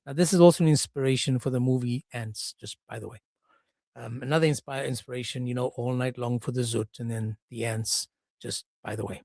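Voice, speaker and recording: A man giving casual livestream commentary, animated and sarcastic, joking with his chat. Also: mid-range voice, fairly quick, gravelly, no room sound, clean studio sound. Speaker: streamer.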